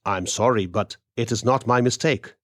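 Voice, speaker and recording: A man's voice: lowish voice, normal speed, dry recording, studio quality, lightly acted. A man voicing a frustrated businessman who turns defensive and bitter toward his wife. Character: harsh, frustrated businessman husband.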